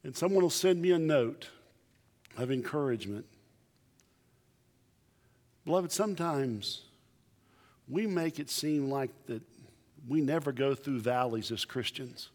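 Emphatic preacher in an echoing church. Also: male voice, medium pitch, measured pace, long pauses. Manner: emphatic, animated storytelling preacher. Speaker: pastor. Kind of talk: sermon. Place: church sanctuary. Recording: long church reverb.

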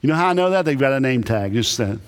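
A man who is a Baptist pastor, preaching a sermon with emphatic, animated delivery and lots of repetition. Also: medium pitch, fast. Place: church sanctuary. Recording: echoey church hall.

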